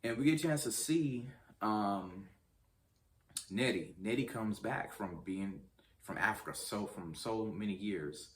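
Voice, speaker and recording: Deep-voiced man, mic a bit distant. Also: a little slow. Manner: chatty, talks straight to viewers; rambling, many ums and restarts. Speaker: movie reviewer, channel host. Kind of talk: casual film review vlog.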